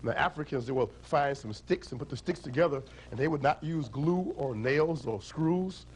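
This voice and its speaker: At a library event, a storyteller and musician teaches children about instruments and storytellers, pulling them into call-and-response chants. His voice is a little high and slightly rough, at a moderate pace, and the audio quality is poor. He comes across as lively.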